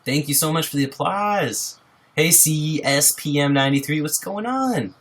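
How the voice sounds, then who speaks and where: This young man's voice is on the high side and a bit bright, with lively intonation at normal speed, as he chats casually on a home livestream. He's at a wobbly table using a laptop mic, bubbly, calling out viewers by name and laughing often.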